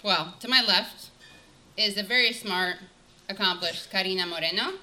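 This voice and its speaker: A woman's voice: medium pitch, normal speed, background noise. A woman hosting a live talk show, chatty and joking, going off on tangents as she introduces guests. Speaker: podcast host.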